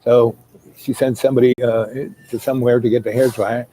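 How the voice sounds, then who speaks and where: A man's voice: mid-range voice, level tone, fairly quick, warm tone, a little hiss or hum, rough recording. A man telling a long rambling story, full of fillers, who acts out the people he quotes. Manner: meandering, many fillers, acts out quoted voices.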